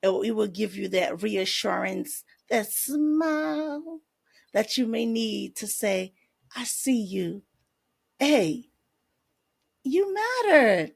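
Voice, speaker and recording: A woman's voice: medium pitch, animated, slow pace, creaky, pauses often, slightly rough. A woman life coach hosting her own podcast, speaking faith-based encouragement and affirmations straight to her listeners.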